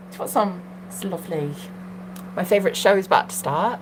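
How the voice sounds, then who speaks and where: Sassy, animated woman livestreaming. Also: medium pitch, a little fast, a little hiss or hum. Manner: sassy, swearing, talks to herself and chat. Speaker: tarot reader and livestream host. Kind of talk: casual livestream monologue.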